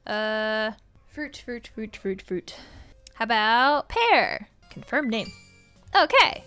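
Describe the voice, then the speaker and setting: A woman hosting a casual let's-play, chatty and excitable, gasping and reacting aloud as she plays. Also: fairly high pitch, extremely slow, clean tone, faint music behind. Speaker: gaming channel host.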